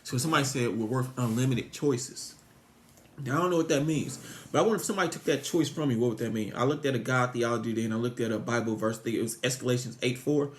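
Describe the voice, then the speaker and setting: Speaking fast in a mid-range voice, a man muses about God to his viewers, wandering and repeating himself with many restarts and rhetorical questions. The room is echoey, with a little hiss or hum.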